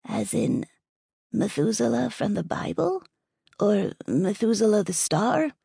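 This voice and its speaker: A woman voicing an older, sharp and exasperated fairy godmother in an audiobook, with a gravelly, breathy voice and slow, swooping exclamations. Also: mid-range voice, very animated, dry recording, clean studio sound, pitched above the performer's own voice, heavily acted. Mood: indignant. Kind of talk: audiobook character voice.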